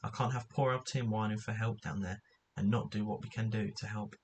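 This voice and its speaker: A man's voice: lowish voice, fairly even intonation, brisk, a little hiss or hum, lightly acted. A man reading the lines of a fierce young tomboy girl who loves her dog, in a raised, urgent voice from a storybook. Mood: determined.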